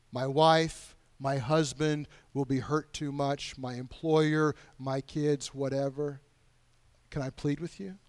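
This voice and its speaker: A man preaching a sermon, pleading with his listeners and swinging between hushed, quiet stretches and loud, emphatic lines. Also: on the high side, no echo. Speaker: pastor.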